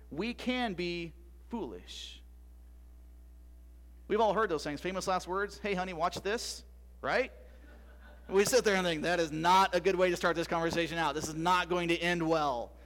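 A middle-aged male pastor preaches a sermon in a conversational way, often putting questions to the congregation. His voice is a little high and a bit bright.

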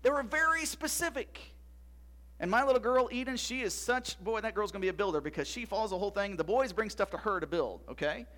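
High-voiced man preaching a sermon. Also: animated, fast, a bit bright. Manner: conversational, asks the congregation questions. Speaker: pastor.

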